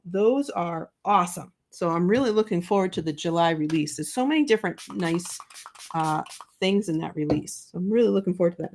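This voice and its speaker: Woman, crafting livestream host, effusive, lots of fillers, greets chat viewers. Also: mid-range voice. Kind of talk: live crafting demo, chatting with viewers. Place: home craft desk.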